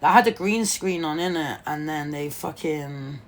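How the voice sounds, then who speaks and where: A woman's voice: low-pitched, moderate pace, slight background noise. A woman chatting casually on a phone livestream, swearing freely and calling people darling. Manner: swears a lot, animated, calls people darling.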